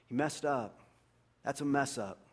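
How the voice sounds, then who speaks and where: A man's voice: mid-range voice, unhurried, breathy edge. A man preaching a sermon in a conversational storytelling way, acting out the voices of the characters in his stories. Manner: animated, acts out voices, conversational.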